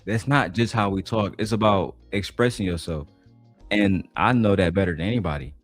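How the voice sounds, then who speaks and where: Low-voiced guy doing drama commentary, blunt and sweary, music under it. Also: normal speed, no room sound. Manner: blunt, swears often, talks over clips. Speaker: commentary host. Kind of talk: profane casual commentary.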